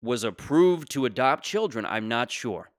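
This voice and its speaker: A man's voice: mid-range voice, expressive, a little slow, dry recording, studio quality. A young man hosting a podcast, telling a comic story in a rambling, digressive way that keeps trailing off. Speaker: podcast host. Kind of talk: comedic solo storytelling.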